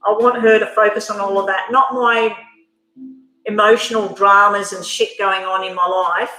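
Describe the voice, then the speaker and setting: A woman's voice: mid-range voice, fairly even intonation, moderate pace, pushed and bright, soft background music. Chatty woman tarot reader, echoey room. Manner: chatty, candid, emotional; addresses viewers directly. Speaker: tarot reader hosting a live stream. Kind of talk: casual live-stream chat and card reading.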